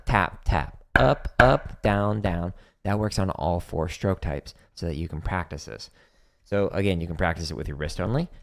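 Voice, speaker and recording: A man's voice: fairly low pitch, fairly bright tone. A man teaching drum technique on a livestream, casual and explaining while he demonstrates, with frequent fillers. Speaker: drumming teacher. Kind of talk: livestream Q&A lesson. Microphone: streaming setup at home.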